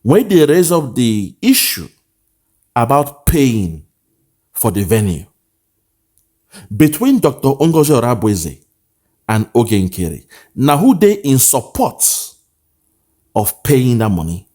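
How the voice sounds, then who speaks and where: Nigerian man, online commentator, lively swooping pitch, repetitive rhetorical delivery. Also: slow pace, long pauses. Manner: repetitive rhetorical preaching, switches into pidgin. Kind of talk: political commentary monologue.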